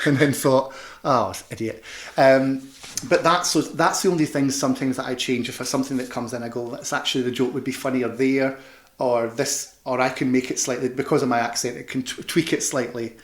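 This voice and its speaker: A chatty man with a Scottish Glasgow accent talks about panto work in a loose, rambling way. He often restarts his sentences and fills the gaps with "um" and "you know". His voice sits at an ordinary, middle pitch. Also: fairly even intonation, brisk. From Scotland. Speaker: panto performer and director. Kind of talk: casual interview chat.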